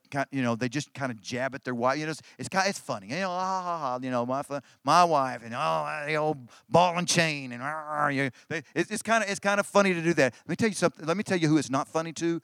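Middle-aged male pastor, conversational sermon, slightly high voice, dry close mic. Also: fairly bright tone, no room sound. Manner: conversational preaching with repeated restarts and emphatic phrases.

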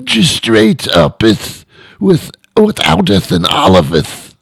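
A man voicing a pompous Elizabethan gentleman in drawn-out mock old English. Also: fairly low pitch, wildly swooping pitch, creaky, slightly rough, dry recording, full character voice.

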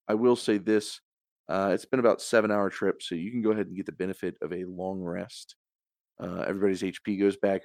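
Deep gravelly game master guy, lots of ums, dry close sound. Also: darkish tone, dry recording. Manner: hesitant, many fillers. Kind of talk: narrating a tabletop game.

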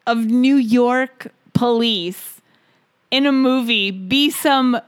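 A woman's voice: on the high side, takes it slowly, clear, resonant tone. A woman in her forties co-hosting a podcast, joking and swearing in casual chat. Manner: joking, profane, riffing. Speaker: podcast co-host.

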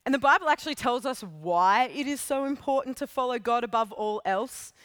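A young adult woman preacher telling a story in a sermon, in a casual, animated way with asides. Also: a little high, fairly quick, dry recording.

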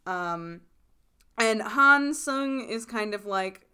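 A woman's voice: medium pitch, expressive, extremely slow, pushed and bright, clean tone. Chatty, laughing young woman co-host. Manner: chatty, laughs often, many fillers. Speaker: podcast co-host. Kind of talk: casual recap chat.

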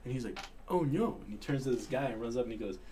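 A man's voice: mid-range voice, steady tone, very fast, a little hiss or hum. A man co-hosting a podcast in casual chat, telling long jokes and stories and swearing freely. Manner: storyteller, swears freely, breaks into loud laughter. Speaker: podcast co-host.

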